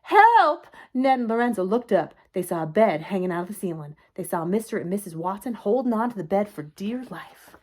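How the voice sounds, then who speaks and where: A woman telling a children's story aloud in a clear, expressive way. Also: fairly low pitch, fairly quick, hardly any pauses. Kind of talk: children's book read-aloud.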